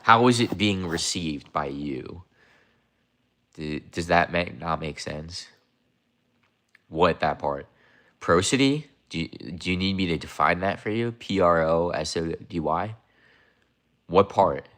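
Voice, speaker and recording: A young man hosts a casual livestream, rambling and repeating himself as he talks to chat, sometimes mocking and confronting viewers. His low voice is a bit bright with lively intonation, slow and full of pauses.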